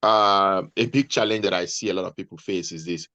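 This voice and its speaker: A man, a guest on a video call, giving measured, deliberate advice to nurses. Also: low-pitched, steady tone, sharp tone, no echo, dull audio. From Nigeria.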